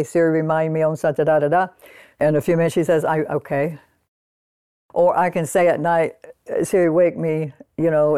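A woman preaching a sermon, reading scripture slowly and then talking it through in a casual, conversational way with lots of "you know" asides. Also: fairly low pitch, a little mellow, dry recording, studio quality. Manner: slows down to read scripture aloud.

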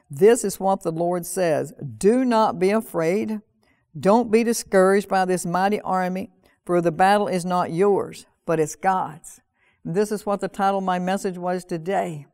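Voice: mid-range voice, a little mellow, no echo, studio quality. A pastor preaching a sermon in an earnest manner, often repeating phrases and reading scripture aloud with a raised voice.

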